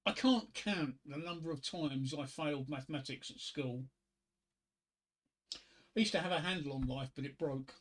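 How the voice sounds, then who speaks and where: Chatty middle-aged male streamer, slightly high voice. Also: normal speed, long pauses. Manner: rambling, reads groan-worthy one-liners aloud. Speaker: live streamer. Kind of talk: casual live-stream chat.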